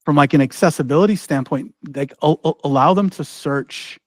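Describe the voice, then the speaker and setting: A man's voice: a little high, moderate pace, no echo. A man presenting a live online workshop, talking casually with lots of "like" and "right?" and frequent restarts as he walks through a demo. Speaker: ed-tech trainer presenting a workshop.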